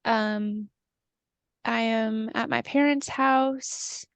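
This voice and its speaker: Giggly young woman with a gravelly edge. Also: on the high side, steady tone, drawn-out words, no room sound. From California. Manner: chatty and giggly, fond of filler words. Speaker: podcast co-host. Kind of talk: casual chat. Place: parents' house, video call.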